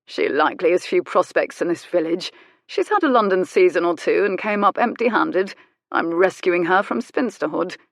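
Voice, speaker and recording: A woman's voice: fairly low pitch, animated, normal speed, gravelly, no room sound, clean studio sound. A woman reading an audiobook, voicing a smug, cruel aristocratic man in a self-satisfied, sneering manner. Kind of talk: audiobook character voice.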